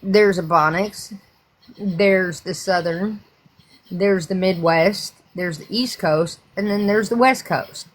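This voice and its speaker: A woman's voice: medium pitch, slow. Frank, rambling American woman. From United States. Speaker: livestream host. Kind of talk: casual chat.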